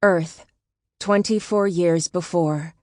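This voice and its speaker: A woman audiobook narrator reading in a calm, measured scripted narration. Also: lowish voice, no room sound, studio quality.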